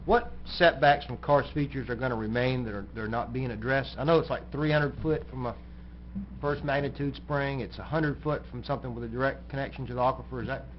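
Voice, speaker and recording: A man chairing a county commission meeting who runs the votes in a plainspoken, folksy and brisk way. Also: medium pitch. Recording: muffled recording with faint noise.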